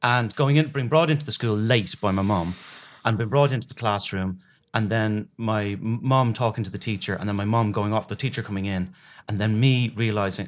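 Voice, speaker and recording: A man's voice: on the low side, brisk. A middle-aged man from Ireland, a guest comedian telling stories in a rambling, self-deprecating way with many restarts. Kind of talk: casual chat.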